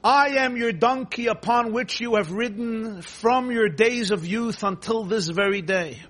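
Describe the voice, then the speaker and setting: A man's voice: high voice, unhurried, fairly bright tone, pitched above the performer's own voice. A man voicing a loyal old talking donkey that pleads with its master in a hurt, questioning way. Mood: pleading. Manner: plaintive, questioning.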